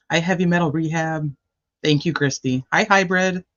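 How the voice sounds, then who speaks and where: A woman's voice: deep voice, a bit bright. A woman hosting a casual live stream, rambling and greeting chat viewers by name. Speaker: livestream host. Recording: dull lo-fi stream audio.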